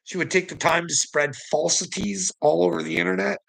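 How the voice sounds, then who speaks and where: A man's voice: a little high, steady tone, brisk, creaky, a bit bright, low-quality recording. A man ranting in a rambling monologue, mocking and profane, laughing often between lines. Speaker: vlogger.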